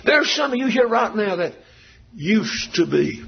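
A man preaching a revival sermon with fervor, shouting and half-singing his lines in surges. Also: sits high, big pitch swings, a little slow, vocal fry, husky. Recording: dull lo-fi recording.

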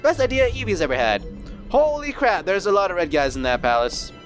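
A playful man chatting through a game session with a lively, swooping delivery that keeps jumping up and down. He jokes and swears and drops into silly put-on voices. Soft game music sits behind him. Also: brisk. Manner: playful, goofy and profane, breaks into silly high put-on voices. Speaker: video game let's player. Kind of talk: casual gameplay commentary.

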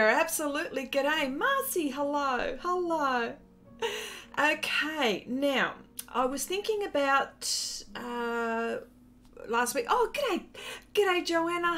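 An Australian woman talks through an art livestream in an easy, rambling way, full of ums and uhs. Her voice sits high for a woman. She keeps stopping mid-thought to say hello to viewers by name. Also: lively intonation, slow, a bit bright. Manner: chatty, greets viewers by name, many fillers. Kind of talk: casual livestream chat.

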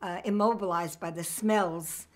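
A woman's voice: on the low side, steady tone, measured pace. A woman, reminiscing in an oral history interview with a wry sense of humor. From United States.

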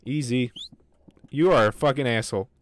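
A man's voice: mid-range voice, normal speed, slight background noise. A man streaming a horror game, talking to his chat in a jittery way and swearing often. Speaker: gaming streamer. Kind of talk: live gameplay commentary.

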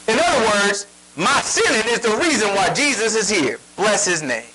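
A man preaches with a high, bright voice that swings widely in pitch. He talks emphatically, firing rhetorical questions at his listeners. A faint hum sits under the recording. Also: expressive, normal speed, hardly any pauses, poor audio. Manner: emphatic, asks rhetorical questions, prods the reader. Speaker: Bible teacher. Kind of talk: sermon.

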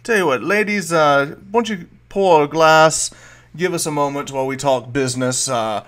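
A man's voice: a little high, moderate pace, fairly bright tone, voice pushed up, close to an everyday voice. A man voicing a jovial, bearded male adventurer who loves telling tales, in a tabletop game.

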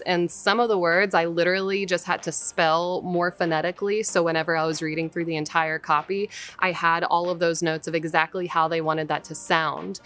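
A woman voice actor talking casually and explaining how she takes direction, careful and measured. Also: fairly low pitch, fairly bright tone. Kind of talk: casual advice talk. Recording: faint background music.

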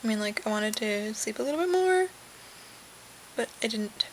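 A young woman chatting into a webcam from her bed, rambling from one aside to the next with lots of fillers. Her voice sits a bit high, and a faint hiss runs under the recording. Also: expressive, moderate pace, rough recording. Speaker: vlogger. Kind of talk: casual webcam vlog. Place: sitting in bed at home.

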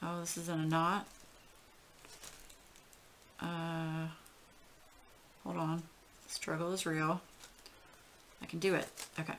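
A woman with a drawl unboxes craft goodies in a relaxed, slow chat. Her voice sits a bit low, and she keeps breaking into soft, breathy exclamations. Faint paper crinkling sounds behind her. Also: a little hiss or hum. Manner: gushing, emotional, often breathless exclamations. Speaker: craft channel host.

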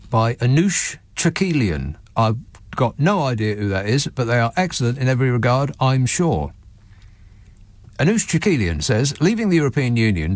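A man hosting talk radio, sardonic and mocking as he picks apart stories. His pitch leaps around as he talks. He is recorded close and dry in a studio. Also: dry recording. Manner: sarcastic, mocking, lively asides. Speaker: radio phone-in host.

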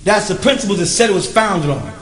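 A man with a fairly high voice leads a question-and-answer class in an emphatic, driving way. He keeps checking that his audience is following along. The sound is roomy and echoey. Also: sing-song, fast talker, fairly bright tone. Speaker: teacher.

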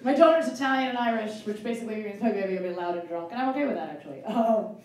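A woman in her forties doing a self-mocking stand-up comedy set on stage at a benefit. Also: very fast. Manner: self-mocking, punchy, jumps into loud high character voices. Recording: very echoey venue, mic from a distance.

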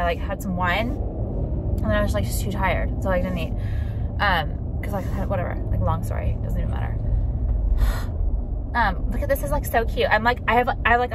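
A woman rambles and curses into her phone from the driver's seat, easily irritated and talking in loose, casual bursts. Her voice sits at a middling pitch, and loud road and car noise runs under everything she says. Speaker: vlogger. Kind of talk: rambling casual vlog rant. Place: inside a car while driving. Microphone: phone camera.

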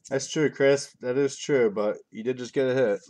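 Hosting a live card break from home, a man rambles casually and announces each card he pulls as packs get opened. His voice is mid-range and a little mellow, at a moderate pace, and the whole thing is chatty live-stream commentary.

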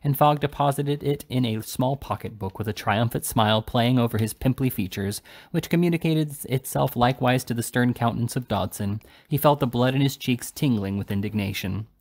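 A man reading a classic novel aloud in steady, even narration. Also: mid-range voice, a little fast. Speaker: audiobook reader.

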